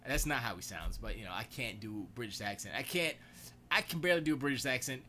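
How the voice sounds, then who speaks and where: Bright-voiced man in slangy, rambling chat. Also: medium pitch, quick pace, a little hiss or hum. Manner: loose, excitable, slangy rambling. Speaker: live-stream host. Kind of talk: casual gaming and movie chat. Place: home studio.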